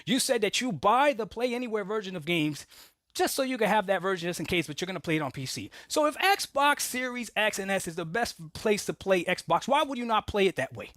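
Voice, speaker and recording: Lively, insistent man arguing gaming platforms. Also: sits high, fairly quick, no room sound, studio quality. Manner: insistent, lecturing. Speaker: video commentator. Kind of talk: argumentative commentary.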